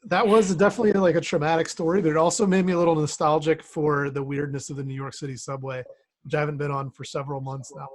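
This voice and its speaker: A man hosting a streamed storytelling show on a video call, upbeat and relaxed, with a few hesitant fillers. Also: fairly high pitch, fast. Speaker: host.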